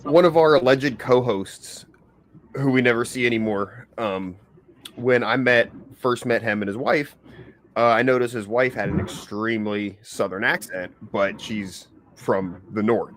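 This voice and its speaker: A man's voice: lowish voice, moderate pace, fairly bright tone, slight background noise. A man hosting a casual livestream podcast, laid-back and swearing freely as he rambles through stories. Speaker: podcast host.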